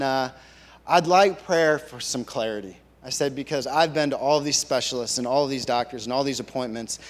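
A man, a church elder, giving a halting, earnest personal testimony to his congregation. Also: on the high side. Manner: halting, earnest storytelling with many restarts. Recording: long reverb of a large hall.

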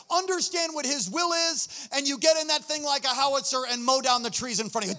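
A man preaching a sermon with fervent passion, a sing-song cadence and swings from loud to hushed. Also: very high voice, quick pace, few pauses, faint music behind. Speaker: pastor. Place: church sanctuary. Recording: long reverb of a large hall.

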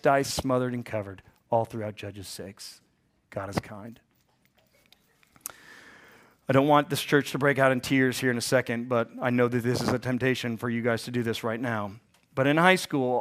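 Hoarse man, forties, pastor, sermon, jokey asides, loud emphatic peaks. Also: medium pitch. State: hoarse from bronchitis.

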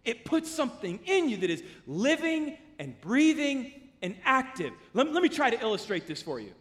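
A male pastor preaching a sermon, telling stories animatedly with big swings from loud to hushed. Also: very high voice, very animated, normal speed. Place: church sanctuary. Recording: long church hall reverb.

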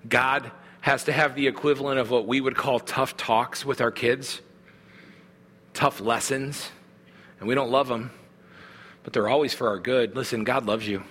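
Bright-voiced man preaching in a hall. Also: medium pitch, steady tone, normal speed, long pauses, slightly rough. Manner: earnest, conversational preaching with restarts. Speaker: pastor. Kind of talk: sermon.

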